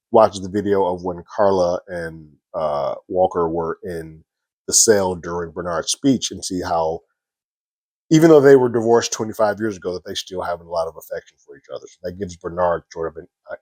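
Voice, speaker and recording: Low husky man recapping a TV episode. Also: a little mellow, no echo. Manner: conversational, filler-heavy, paraphrases scenes. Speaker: TV episode reviewer. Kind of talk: casual spoken episode recap and review.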